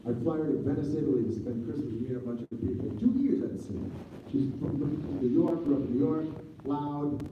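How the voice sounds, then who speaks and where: A man talking casually as an interview guest, telling rambling, animated stories with lots of restarts. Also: medium pitch. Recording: distant mic, echoey room, dull sound, faint noise.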